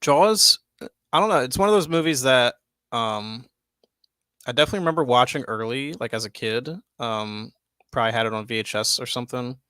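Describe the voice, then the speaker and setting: A young man co-hosting a podcast, chatting loosely and excitedly, swearing freely and filling with "like" and "dude". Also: mid-range voice, a little fast, smooth, no echo. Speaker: podcast co-host. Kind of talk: casual chat. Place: home studio, live stream.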